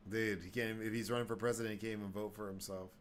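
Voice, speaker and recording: A man from Dallas hosts a casual podcast in a lowish voice, rambling through his points with frequent restarts and swearing. A faint hiss sits under the recording. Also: little pitch movement, fast. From Dallas, Texas. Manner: rambling, profane, restarts often. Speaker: podcast host. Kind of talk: casual chat.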